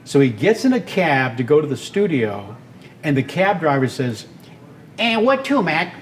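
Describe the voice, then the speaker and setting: A man's voice: medium pitch, normal speed, slight background noise. An older man, a radio and voice performer, telling stories as an interview guest with enthusiasm. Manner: animated, enthusiastic storyteller. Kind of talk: storytelling interview talk.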